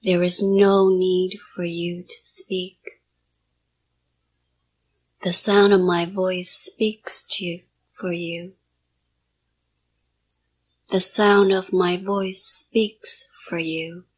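Breathy, slow-whispering woman hypnotist. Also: fairly low pitch, flat delivery. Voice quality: soft, partly whispered. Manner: slow, repetitive hypnotic commands. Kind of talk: whispered role-play.

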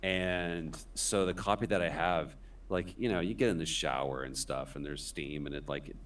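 A man's voice: deep voice, normal speed, recorded from a distance. A man in his forties, a podcast guest, telling a rambling, self-deprecating story in casual conversation.

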